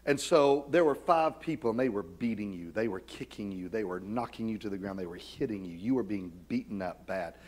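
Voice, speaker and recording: A middle-aged pastor preaches a sermon with self-deprecating humor, his fairly low voice dropping to quiet asides and rising to loud, emphatic calls. He sounds animated and brisk, with hardly any pauses.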